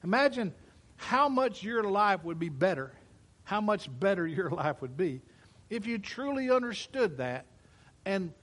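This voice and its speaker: A man's voice: high-pitched, sing-song, unhurried, a bit bright. A man preaches a sermon. He takes his time, leaning on each phrase and circling back to repeated refrains. The delivery is that of a pastor speaking to his congregation.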